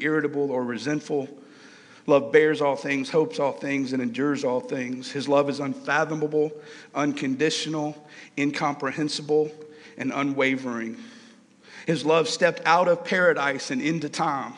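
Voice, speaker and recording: A man's voice: fairly high pitch, fairly even intonation, normal speed, long reverb tail. A man preaching a sermon, earnest and emotional, his voice rising and falling as he repeats key phrases.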